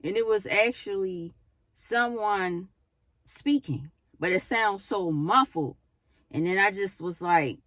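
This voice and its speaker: A young woman vlogging from her bedroom, telling a spiritual story in a casual, animated way, full of fillers and casual swearing. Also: medium pitch, slow pace, no room sound, clean studio sound. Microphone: camera in a bedroom.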